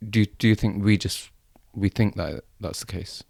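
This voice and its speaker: A young man from East London with a London accent, chatting loosely on a podcast. His voice sits fairly low and sounds close and dry, with no room echo. He rambles, drops slang fillers and breaks into laughter often. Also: fairly even intonation, moderate pace, creaky, darkish tone. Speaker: podcast co-host. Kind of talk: casual chat.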